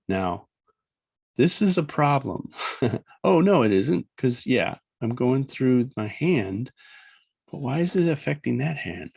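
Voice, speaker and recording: Casual instructor: a man with a gravelly, husky voice, chatty and rambling, teaching a software demo. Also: medium pitch, big pitch swings, unhurried, no room sound, poor audio. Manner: rambling, chatty, thinks aloud with laughs and sound effects. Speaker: animation instructor. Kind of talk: casual screen-recorded class demo.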